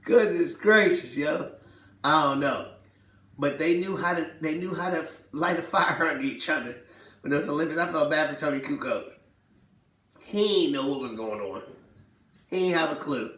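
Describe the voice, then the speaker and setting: Animated man in an echoey room. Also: a little high, far from the mic. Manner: animated, slangy, quick to laugh, acts out quotes. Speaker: sports talk host. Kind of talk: casual sports talk. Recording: echoey room, voice set back from the mic.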